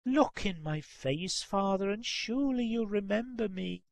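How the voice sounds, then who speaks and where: Give me a man doing a soft, earnest young woman pleading through tears, in a dry booth. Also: high-pitched, animated, unhurried, dry recording, voice pushed up. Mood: imploring. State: tearful.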